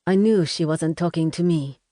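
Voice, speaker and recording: A woman's voice: sits low, normal speed, dark tone, no echo, clean studio sound, lightly acted. A woman voicing a gallant French chef. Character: charming male French chef.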